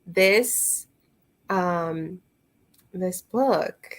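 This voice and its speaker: A book reviewer with a lowish voice chats at an unhurried pace in a casual review. She rambles, fills her talk with fillers and asides, and speaks directly to her viewers and to a friend.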